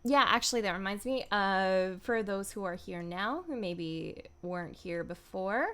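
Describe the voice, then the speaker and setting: Woman streamer rambling, lots of giggles and ums, medium pitched. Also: unhurried, bright, forceful tone. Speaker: streamer and voice actor. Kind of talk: casual live-stream chat.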